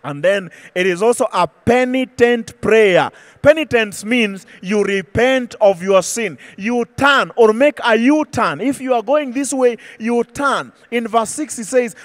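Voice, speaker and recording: A male pastor preaching an impassioned sermon, slowing and dropping his voice when he quotes scripture. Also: extremely high pitch, no echo. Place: church.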